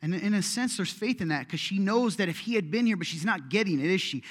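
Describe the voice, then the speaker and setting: A man preaching a sermon, swinging from hushed asides to loud, pleading retellings. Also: sits high, fast, few pauses, big-room sound. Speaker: pastor.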